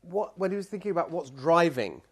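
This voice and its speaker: British guy, middle-aged, campaign talk at a bbq place, jokey with the crowd, voice a bit high. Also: animated, fairly quick, slightly rough. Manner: chatty, self-deprecating, banters with the crowd. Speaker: political candidate. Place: barbecue restaurant event.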